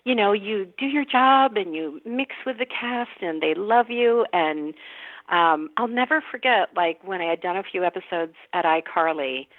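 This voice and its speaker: A middle-aged actress chatting as a podcast guest, telling stories and laughing often. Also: female voice, mid-range voice, animated, normal speed, no echo. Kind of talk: casual podcast chat. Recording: tinny phone-line sound, dry.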